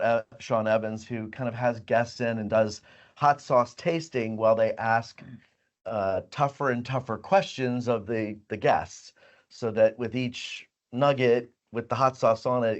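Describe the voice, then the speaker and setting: A man's voice: medium pitch, fairly even intonation, unhurried. Laid-back middle-aged man, slightly muffled. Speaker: company CEO hosting a hot sauce Q&A. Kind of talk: casual on-camera chat. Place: company office.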